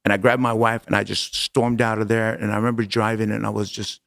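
A middle-aged man telling a personal story as an interview guest, animated and casual, acting out dialogue. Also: fairly low pitch, brisk, creaky, dry recording. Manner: animated, acts out quoted dialogue, casual slang.

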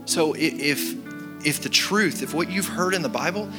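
A man in his thirties preaching a sermon as pastor, telling a story with animated shifts from loud to quiet. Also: on the high side, normal speed. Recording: sermon with music behind. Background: music.

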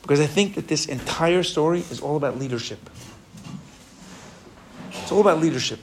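A man teaching a Torah class in an animated way, asking his students rhetorical questions and mixing Hebrew phrases into his English. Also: on the high side, normal speed, long pauses, slight background noise.

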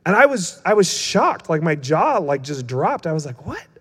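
A man's voice: fairly high pitch, sing-song, moderate pace, breathy edge. Young male preacher, casual and self-mocking. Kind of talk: sermon with storytelling. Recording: long hall reverb.

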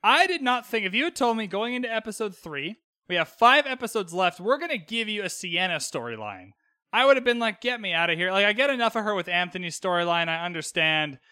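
A man casually recapping a TV episode as a podcast host, candid and animated, swearing freely. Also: high voice, fairly quick, no echo, studio quality.

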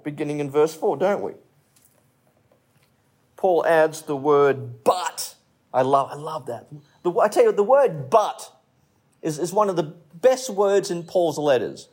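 A man's voice: fairly high pitch, very animated, a little slow, darkish tone, husky. A man preaching a sermon in a conversational way, repeating phrases and telling stories with light humor. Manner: conversational, repeats phrases, restarts mid-sentence; tells stories and jokes lightly.

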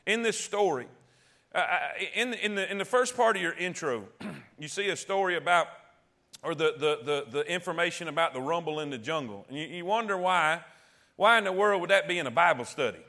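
A man leads a Bible study, reading scripture and then breaking into emphatic, conversational explanation. His voice sits high and sounds bright, and his talk is full of restarts. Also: fairly quick.

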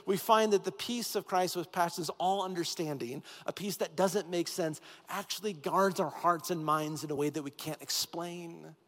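A man's voice: on the high side, normal speed, few pauses. Man preaching in a reverberant church. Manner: earnest, repeating key phrases with rising intensity. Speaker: pastor. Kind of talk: sermon. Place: church sanctuary with long reverb. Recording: reverberant hall with soft music behind.

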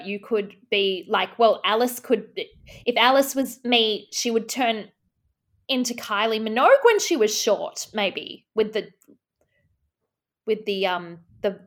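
A woman in a comedy chat, talking in a mock-earnest, rambling way. Her pitch sits in an ordinary middle range. She restarts her sentences over and over. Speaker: comedic interviewer in character.

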